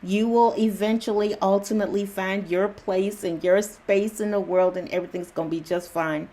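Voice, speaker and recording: A woman speaking straight to her viewers in a relaxed, reassuring pep talk. Her phrasing is loose and slangy, she repeats her comforts again and again, and she breaks into chuckles often. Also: medium pitch, moderate pace. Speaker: spiritual channel host.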